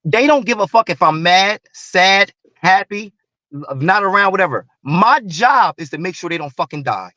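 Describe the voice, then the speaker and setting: A man's voice: sits high, moderate pace, no echo, muffled recording. A man speaking bluntly and heatedly in casual chat, repeating himself for emphasis. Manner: blunt, repetitive, animated street talk.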